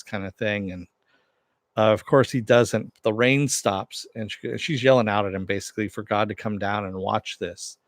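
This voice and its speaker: A man talks through an episode recap in a loose, rambling way, stumbling over restarts and fillers. His voice sits low, and the sound is dry and close with no room around it. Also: moderate pace, no room sound. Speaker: TV show reviewer. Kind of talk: casual recap and review.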